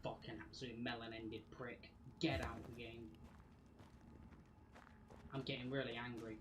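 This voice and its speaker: A man streams his gameplay, talking to himself at an average pitch in a muttering, cursing tone. A steady wash of background noise sits under his voice throughout. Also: moderate pace. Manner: frustrated, muttering to himself, swearing at the game. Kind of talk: live gameplay commentary.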